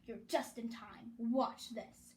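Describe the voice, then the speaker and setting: Woman doing a sly, slow big bad wolf. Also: a little high, fairly even intonation, a little mellow.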